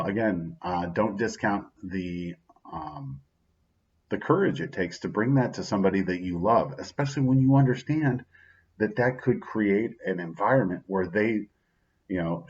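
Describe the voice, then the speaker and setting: A man hosting his own daily motivational video, talking casually and warmly about his day, often adding "right?" and fillers. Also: on the low side, animated, normal speed, highs cut off. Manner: upbeat and heartfelt, with frequent "right?" and "um" fillers. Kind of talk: casual spoken reflection.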